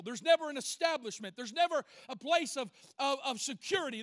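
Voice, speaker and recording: A man preaching a sermon in church, calling out to the congregation and rising to shouts. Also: extremely high pitch, moderate pace, hardly any pauses. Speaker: pastor.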